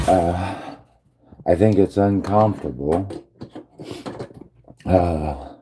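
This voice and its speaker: A man's voice: low voice, noisy background. A man rambling through a live-stream monologue, sighing often, swearing heavily and sounding bewildered and aggrieved. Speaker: livestreamer.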